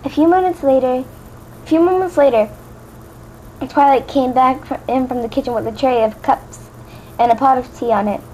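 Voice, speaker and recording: A woman's voice: sits high, normal speed, dark tone, slight background noise, poor audio. A woman casually reading a fan story aloud, stumbling over words and chatting to viewers in between. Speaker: fanfiction reader. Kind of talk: casual read-aloud narration.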